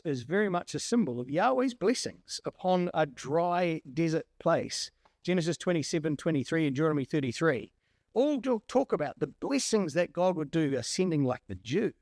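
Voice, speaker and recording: A male preacher giving a sermon, animated and full of rhetorical questions. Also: high voice, no echo, studio quality.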